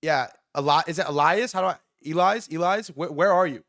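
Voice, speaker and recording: A man hosting a casual livestream from outdoors, excitable and profane, rambling with many restarts. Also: on the high side, a little fast, vocal fry. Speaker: livestream host. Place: outdoors in New York City.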